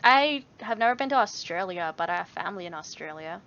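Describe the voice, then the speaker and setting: A woman's voice: on the low side, animated, fairly quick, a bit bright, a little hiss or hum. A young woman answers viewer questions in a loose, casual vlog chat. She rambles, restarts her sentences and laughs easily. The recording sounds a little dull and lo-fi. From Canada. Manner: rambling, many fillers and restarts, laughs often.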